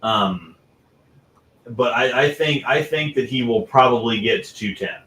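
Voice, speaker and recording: In a roomy, echoing recording, a man co-hosting a podcast chats casually about bowling, wandering off with lots of fillers and false starts. He speaks unhurriedly in a mid-range, fairly bright voice.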